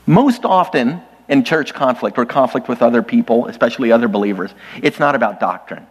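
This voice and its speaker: A man's voice: mid-range voice, lively intonation, brisk, husky. Man preaching in a reverberant church. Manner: conversational, lightly humorous, addresses the congregation directly. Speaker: pastor. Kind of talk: sermon. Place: church sanctuary.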